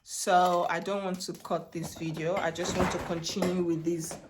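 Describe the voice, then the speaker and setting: A woman in her thirties chatting excitedly and rambling in a casual try-on haul vlog at home. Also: lowish voice, normal speed, very noisy. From Netherlands. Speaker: beauty vlogger. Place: home room. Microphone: camera set down, handheld mic removed.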